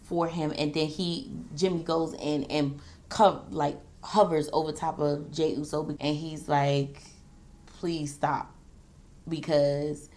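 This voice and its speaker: A woman vlogger telling a story in a casual, animated way as she does her makeup, acting out what the wrestlers said. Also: low voice. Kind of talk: casual recap while doing makeup.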